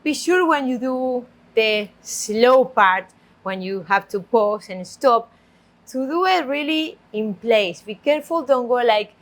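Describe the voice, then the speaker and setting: A woman's voice: a little high, expressive, slow. A woman teaching tango, counting steps aloud and giving careful warnings as she demonstrates. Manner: gives careful instructive warnings. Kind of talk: dance lesson instruction.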